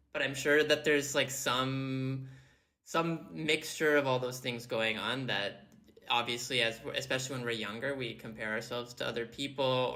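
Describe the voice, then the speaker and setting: Bright-voiced man interviewing a guest. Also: medium pitch. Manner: thoughtful, many fillers. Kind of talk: interview conversation.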